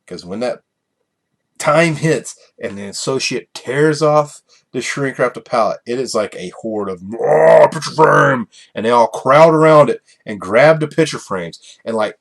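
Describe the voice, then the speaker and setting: A man's voice: medium pitch, expressive, normal speed. A man hosting a casual solo podcast, rambling and chuckling through his stories with many fillers. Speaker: podcast host.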